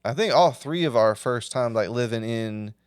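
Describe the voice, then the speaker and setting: A man's voice: medium pitch, lively intonation, moderate pace, smooth, no room sound. Laid-back young Texan man, dry sound. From Texas. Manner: laid-back, conversational, steering the topic. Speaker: podcast co-host. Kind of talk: casual chat.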